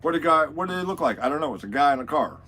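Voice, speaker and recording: A man's voice: on the high side, expressive, very fast, bright, forceful tone, low-quality recording. A man hosting a casual livestream chat, wry and talkative as he greets his viewers. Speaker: livestream host.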